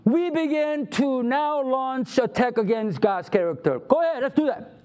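A man's voice: very high voice, expressive, moderate pace, darkish tone, smooth. A man preaching a sermon, acting out the voices of God and of people who complain to Him. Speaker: pastor.

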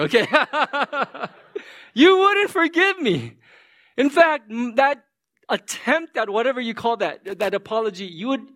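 High-pitched guy pastor giving a sermon, super lively up-and-down voice, acts stuff out. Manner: animated storytelling, acts out scenes, checks with audience.

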